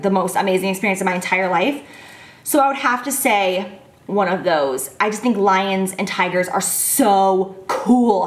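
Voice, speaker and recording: A woman's voice: mid-range voice, echoey room. A woman in her twenties chatting casually and gushing as she answers fan questions, filling her talk with "like". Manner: gushing, bubbly, heavy use of "like". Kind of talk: casual chat.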